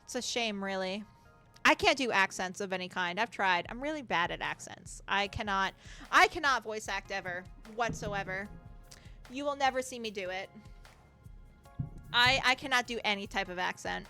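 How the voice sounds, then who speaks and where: Chatty bright-voiced woman streamer. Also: mid-range voice, animated, normal speed, faint music behind. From United States. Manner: chatty, giggly, swears casually. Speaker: game streamer. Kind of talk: reading game text aloud with casual commentary.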